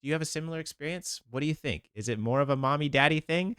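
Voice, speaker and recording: A man's voice: a little high, fast, fairly bright tone, clear, resonant tone, no echo, studio quality. A man, a therapist, talking earnestly to camera and reacting to a podcast clip, livelier when retelling his own thoughts. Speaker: therapist hosting a video channel. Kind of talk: casual reaction commentary.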